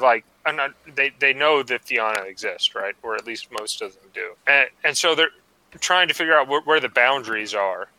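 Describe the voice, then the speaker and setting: A man pitching tabletop game ideas in a chatty way, full of fillers and quick "right?" check-ins. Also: bright, forceful tone, dry recording, poor audio. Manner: chatty, lots of fillers and tag questions. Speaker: panelist. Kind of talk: casual tabletop game discussion.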